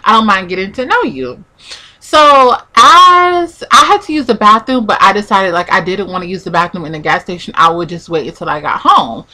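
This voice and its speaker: A woman's voice: mid-range voice, a little fast, few pauses, sharp tone. A young woman vlogger telling a personal story in a chatty, casual way, full of "like" and acted-out quotes. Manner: chatty, peppered with "like", acts out quotes.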